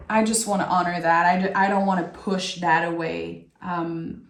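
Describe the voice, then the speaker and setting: A woman giving a soft, heartfelt tarot reading with many pauses, speaking straight to her viewer. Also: lowish voice, fairly even intonation, roomy sound, slight background noise. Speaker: tarot reader. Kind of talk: emotional tarot reading monologue.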